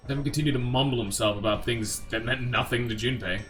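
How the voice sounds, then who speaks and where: A man's voice: medium pitch, fast, hardly any pauses, fairly bright tone, soft background music. A man hosting a let's play, reading the game's text aloud and adding casual, joking asides.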